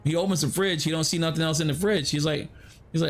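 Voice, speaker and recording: A man streaming a game, telling a story in an animated, profane casual way. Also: a little high, fast. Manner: animated, profane, lots of restarts and swearing. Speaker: gaming streamer.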